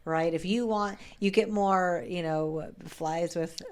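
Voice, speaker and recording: Chatty woman podcast host, low voice. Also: steady tone, slow, darkish tone. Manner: chatty, candid, swears casually. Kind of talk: casual interview chat.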